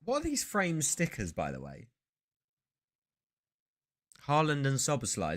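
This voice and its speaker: This man, who streams sports cards, speaks at a measured pace in a slightly high, fairly bright voice whose pitch swoops wildly. His live stream is loose and casual, and he keeps interrupting himself to ramble through one story after another.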